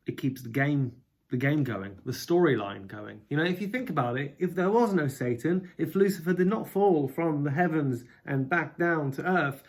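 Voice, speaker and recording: A man thinking out loud as he reads scripture, with a rambling, self-deprecating, easygoing delivery. He wanders between quoted verses and casual asides, recorded indoors at home. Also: mid-range voice. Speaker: video creator. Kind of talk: casual musing while reading scripture aloud.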